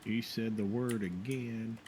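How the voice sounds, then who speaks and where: A meek, whiny undertone of a man, put on by a streamer, muttering complaints in a hushed mumble. The recording carries a clear layer of hiss behind it. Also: fairly low pitch, fairly even intonation, slow, voice pushed down. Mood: grumbling.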